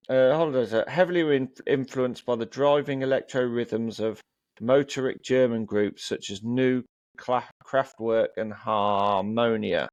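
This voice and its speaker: A man in a relaxed record chat, reading album blurbs aloud and stumbling through them with ums and false starts. His voice sits at a middle pitch. The sound is close and dry. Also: no echo, lo-fi sound. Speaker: co-host. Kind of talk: casual chat about records.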